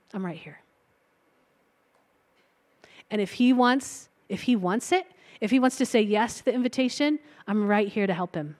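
Female preacher, a touch high-pitched, casual sermon delivery with light laughs. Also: a little mellow. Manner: conversational, laughs lightly between points.

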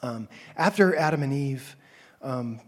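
Husky-voiced man preaching a sermon. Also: medium pitch, a little slow. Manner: swings from loud animated calls to soft hushed whispers. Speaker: pastor.

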